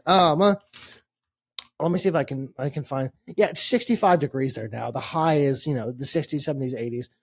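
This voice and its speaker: A man co-hosting a casual sports podcast, talking in quick, rambling bursts and swearing casually. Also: medium pitch, creaky. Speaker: podcast co-host. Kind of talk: casual chat.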